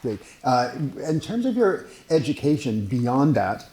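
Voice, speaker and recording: A man's voice: medium pitch, very animated, unhurried, mellow. Male interviewer in an echoey room. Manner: friendly, asks questions with small restarts. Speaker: interviewer, host. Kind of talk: conversational interview. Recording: echoey room with faint noise.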